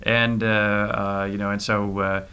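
Being interviewed, this middle-aged man training for private spaceflight has a low-pitched voice that is bright, forceful and smooth, with little pitch movement. He hesitates a lot, restarting sentences and leaning on fillers like "uh" and "you know."

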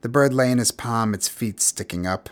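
Male narrator, measured and expressive literary reading, mid-pitched. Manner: measured, expressive, grows quiet and somber. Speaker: audiobook narrator.

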